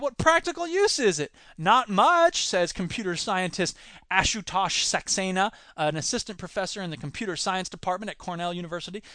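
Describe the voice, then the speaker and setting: A man's voice: high-pitched, fairly bright tone, dry recording. A man hosting a solo podcast, commenting on news with sarcastic, rambling asides. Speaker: podcast host.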